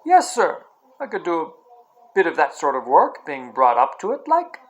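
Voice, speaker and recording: A man's voice: a little high, huge pitch swings, a little slow. A man voicing a humble, earnest London cabbie with a Cockney accent, speaking hesitantly and plainly. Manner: modest, hesitant, homely speech.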